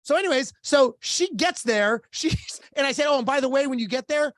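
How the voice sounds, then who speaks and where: Blunt, animated male coach telling a story. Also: very high-pitched, fairly quick, dry recording. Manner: blunt, animated, acts out both sides of dialogue. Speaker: business coach, podcast guest. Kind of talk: storytelling in a casual interview.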